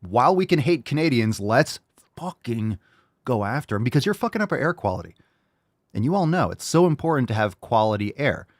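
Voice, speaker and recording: A man hosting a live-streamed podcast, loud, profane and hyped, rallying his audience and plugging merch. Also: medium pitch, very animated, fairly quick, dry recording, clean studio sound. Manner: loud, hyped and profane, with mock shouts and crowd-hyping calls. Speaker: podcast host. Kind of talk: casual live-stream show intro.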